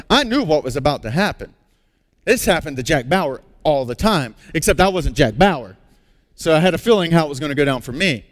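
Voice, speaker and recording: Storytelling pastor in a reverberant hall. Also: male voice, a little high. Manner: animated storyteller, turning hushed and earnest. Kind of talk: sermon with personal storytelling. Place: large church auditorium. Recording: long reverb of a large hall.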